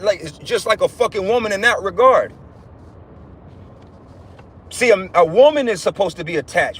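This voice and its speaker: A man's voice: sits high, a little hiss or hum. A man hosting a casual livestream and preaching from his car, blunt and profane, with lots of restarts. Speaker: livestream host giving religious teaching. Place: inside a car.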